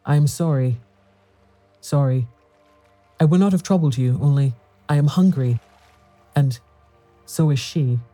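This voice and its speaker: A man voicing a starving, fearful castaway who pleads in a halting, broken voice, in a storybook reading. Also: fairly high pitch, mellow, faint music behind, close to an everyday voice. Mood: pleading.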